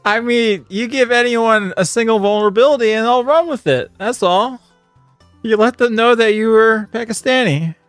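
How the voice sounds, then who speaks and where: A male streamer who reads an AI-generated story aloud on stream, chuckling and rambling in quick bursts. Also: very high voice, a bit bright, dry recording, soft background music.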